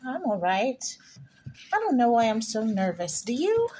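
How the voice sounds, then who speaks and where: A woman's voice: a little high, very animated, unhurried, a little mellow. A woman playing a nervous, flustered married suburban woman, chattering breathlessly in a rehearsed stage play reading. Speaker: actor in a rehearsal.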